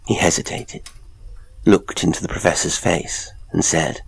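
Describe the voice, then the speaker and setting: A man narrating a classic horror story in a measured, atmospheric way. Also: low voice, creaky. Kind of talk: scripted horror audiobook narration.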